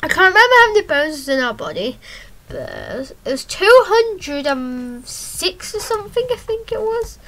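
A gameplay channel host, a woman with a very high, highly animated voice, talks at a moderate pace in a sharp tone. Her commentary rambles and hesitates, full of ums, and she breaks into yelps and exclamations as the game action unfolds.

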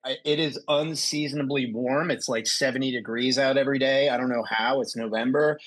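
This young doctor guest talks a little fast in a medium-pitched voice while telling a story over a video call. The chat is casual, and he swears freely and animatedly plays the people he's quoting.

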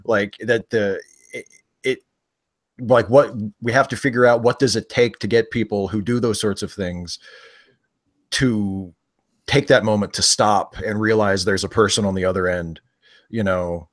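Laid back guy with a lowish voice, dry close sound, thinking out loud on a call. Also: fairly even intonation, a little slow, no room sound. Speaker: YouTuber guest. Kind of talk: casual video-call chat.

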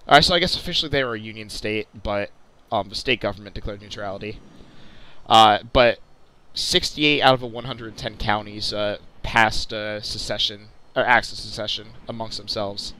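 A man's voice: fairly low pitch, moderate pace, pushed and bright, rough recording. Chatty young man narrating a sim flight. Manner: chatty, lots of uh fillers and restarts. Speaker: video host. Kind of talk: casual flight sim commentary.

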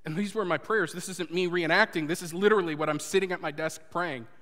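A man preaching a sermon and telling a personal story, earnest, moving between loud urging and hushed confession. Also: high voice, fairly even intonation, fast. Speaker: pastor. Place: church sanctuary before a congregation. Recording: long hall reverb.

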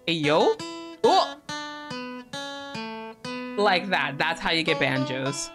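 A woman's voice: on the low side, expressive, extremely slow, pauses often, over music. A woman streamer hosting a co-working stream, chatting casually with viewers in a teasing, profane, giggly way.

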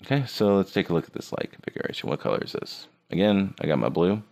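Male instructor, very low and gravelly, laid-back, teasing, walks students through software. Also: lively intonation, quick pace. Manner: joking, teasing his students. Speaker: 3D art teacher. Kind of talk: casual screen-recorded tutorial.

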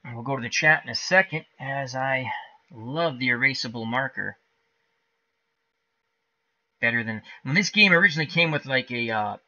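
A man hosting a live stream of a tabletop football game, calling each dice roll in casual play-by-play and getting excited at big plays. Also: mid-range voice, muffled recording.

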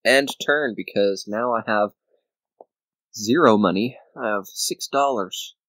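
A man's voice: fairly low pitch, takes it slowly, fairly bright tone, no echo, low-quality recording. A man casually commenting on his own board game play, counting squares aloud and grumbling at his opponent. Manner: talks to himself, counts squares aloud, mock-angry grumbling. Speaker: gamer playing a board game video game.

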